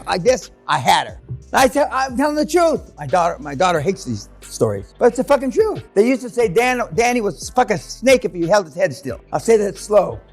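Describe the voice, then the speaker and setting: A man's voice: medium pitch, creaky, slightly rough. An older man giving a seminar, telling stories in a blunt, crude, swearing way in a large room. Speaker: seminar speaker. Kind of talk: profane seminar storytelling.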